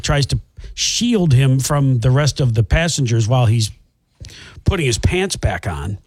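A male radio co-host retelling a news story in casual chat, animated and indignant. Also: medium pitch, dry recording, studio quality.

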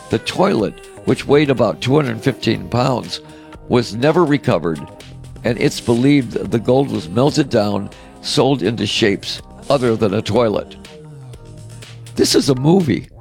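A man's voice: mid-range voice, expressive, a little slow, creaky, a little mellow, faint music behind. A man hosting a radio show, telling an odd news story in a wisecracking, mocking way. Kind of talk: comedic radio talk segment.

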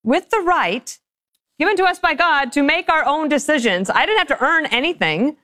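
Woman, panelist, wry casual chat, slightly high voice, dry sound. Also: expressive, sharp tone, no echo. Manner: wry, chatty, quick asides.

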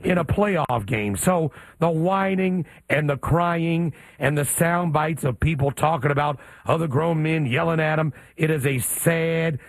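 A man's voice: on the high side, unhurried, hardly any pauses, no room sound. A man co-hosting a sports talk radio show, firing off pointed rhetorical questions.

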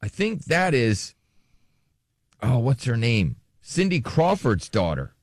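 A man's voice: medium pitch, wildly swooping pitch, slow, no echo. A man hosting a radio show, chatting casually and joking, often trailing off and restarting. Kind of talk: casual chat.

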